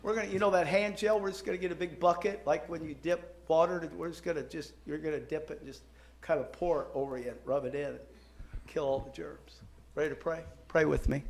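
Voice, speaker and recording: A man's voice: fairly high pitch, fairly even intonation, fast talker, vocal fry. A man who is a pastor, chatting and joking with his congregation, then praying earnestly. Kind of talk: sermon announcements and prayer. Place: church sanctuary.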